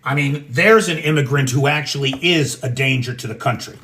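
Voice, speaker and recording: A medium-pitched American man hosts a casual livestream, cooking at home and ranting in blunt, profane terms. He speaks fairly quickly, in a bright, forceful tone.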